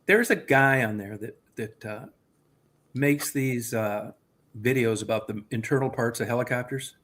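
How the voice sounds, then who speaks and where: A man's voice: medium pitch, a little slow, a bit bright. A man telling a heated, profane story in casual chat as the host.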